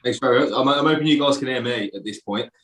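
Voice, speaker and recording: A man in his late twenties with a Birmingham accent, doing a stand-up set in a flat, deadpan, bleak-sounding voice. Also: mid-range voice, quick pace. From England. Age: late 20s. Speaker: stand-up comedian. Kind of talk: stand-up set on a video call.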